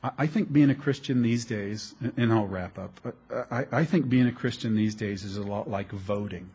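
A middle-aged man preaching a sermon as a pastor, telling animated, jokey stories with frequent restarts. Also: on the low side, normal speed, slightly rough.

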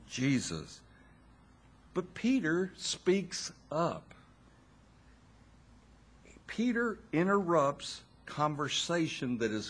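A man preaching a sermon, slow and expressive, with dramatic pauses and wry asides to his listeners. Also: medium pitch, slightly rough.

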